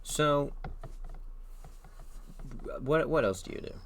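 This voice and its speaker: A man's voice: on the high side, lively intonation, slow, a little hiss or hum. A young man from Texas, a streamer chatting casually and asking joking interview questions while he plays a game. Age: young adult. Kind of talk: casual chat while gaming.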